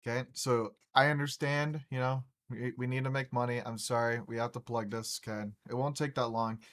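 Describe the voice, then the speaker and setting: A man's voice: medium pitch, fairly even intonation, fairly quick, fairly bright tone. A man hosting a podcast, telling a long anecdote in a rambling, profane way with frequent restarts. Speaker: podcast host. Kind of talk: casual storytelling chat.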